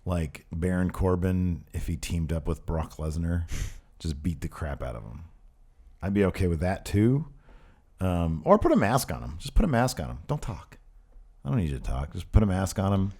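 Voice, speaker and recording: Male podcast co-host, low voice with a very lively swing, sarcastic, ranting. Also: normal speed. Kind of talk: casual chat.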